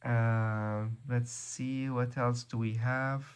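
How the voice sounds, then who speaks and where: A man teaching a vocabulary lesson, slow and methodical, repeating each word. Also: mid-range voice, flat delivery, noisy background. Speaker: language teacher.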